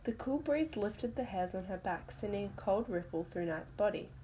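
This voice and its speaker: A woman's voice: mid-range voice, expressive, moderate pace, mellow, slight background noise, poor audio. Woman reading her own story aloud. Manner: stumbles over words and restarts.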